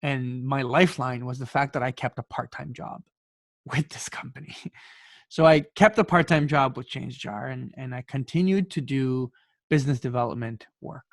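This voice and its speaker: A Canadian man in his twenties, a podcast guest telling his story in an animated way and often repeating words as he starts a sentence. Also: mid-range voice, moderate pace, creaky, no room sound. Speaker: podcast guest, youth speaker. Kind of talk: storytelling in conversation.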